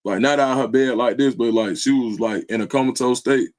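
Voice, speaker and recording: On his own livestream, a man talks casually and from the heart, earnest and loose, with plenty of slang fillers. He has a mid-range, darkish voice and speaks a little fast.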